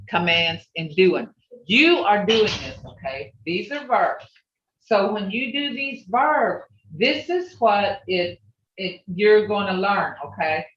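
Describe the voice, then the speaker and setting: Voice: medium pitch, a bit bright. A language teacher giving an online class, sounding out syllables one by one and often checking in with "okay?". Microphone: video call. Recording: roomy, dull video call audio.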